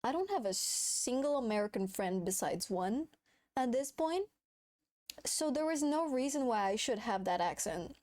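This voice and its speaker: A woman's voice: fairly high pitch, expressive, normal speed, a little mellow. A young woman streaming, chatting casually with her viewers, giggling often and swearing freely. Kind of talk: casual chat reading viewer messages.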